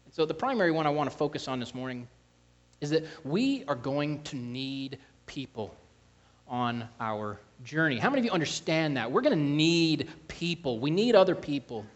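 A man's voice: on the high side, very animated, moderate pace, muffled recording. A man preaching a sermon as pastor, earnest, with frequent restarts and scripture reading.

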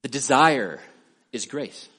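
Male preacher, mid-pitched voice, sermon delivery with rhetorical questions and slow, weighty endings. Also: expressive, fairly bright tone, slightly rough.

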